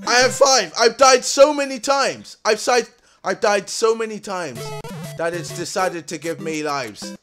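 A young man giving let's-play commentary, exasperated, swearing and yelling at the game. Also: high-pitched, a little slow, over music. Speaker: gaming commentator.

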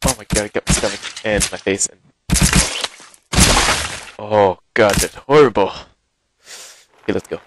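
A man giving live, excitable commentary while playing a game, exclaiming and gasping often, recorded on a headset. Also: fairly low pitch, normal speed, pauses often, heavy background noise. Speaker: gaming video host.

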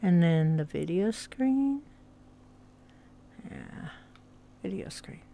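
A woman's voice: on the low side, very animated, extremely slow, creaky, dark tone, a little hiss or hum. A woman with a hard-to-place mixed accent streaming, rambling and chatting casually with a bit of swearing. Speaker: streamer and hypnotist. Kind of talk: casual livestream chat. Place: virtual reality social world.

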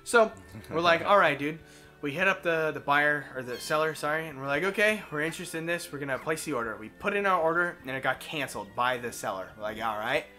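Animated, profane man telling a story. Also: on the high side, quick pace, soft background music. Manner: animated, profane storyteller who acts out quotes. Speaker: let's play host. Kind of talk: casual gaming commentary and storytelling.

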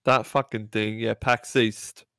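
Young man, podcast co-host, laid-back, sweary, gravelly fry, dry close sound. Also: on the low side, little pitch movement, measured pace, a bit bright, no echo. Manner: laid-back, swears often, reacts with short interjections. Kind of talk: casual chat.

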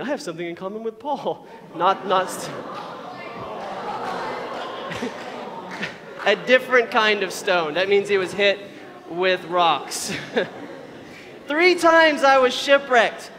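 A man's voice: high-pitched, expressive, slow pace, long pauses, noisy background. A male pastor preaching a sermon in a casual, joking way with asides. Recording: long hall reverb.

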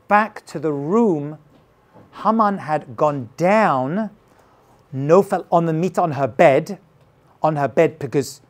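Animated man teaching a scripture lesson. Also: fairly high pitch. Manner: dramatic, casual, retells scenes with acted quotes. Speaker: rabbi teaching.

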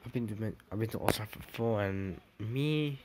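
A young man with a lowish voice rambles through a casual game tour, correcting himself and tossing in "dude". His mic picks up steady background noise and clicking. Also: normal speed. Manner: rambling, self-correcting, says "dude" often. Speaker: gaming vlogger. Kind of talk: casual game walkthrough commentary. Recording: noisy background hiss with clicks.

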